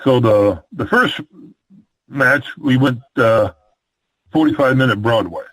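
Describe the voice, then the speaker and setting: His medium-pitched voice is fairly bright, with lively intonation and a slow pace, in a low-quality recording with no echo. He's an older retired wrestler from the American Midwest, a guest in a storytelling interview who tells long stories and rambles with many fillers and restarts.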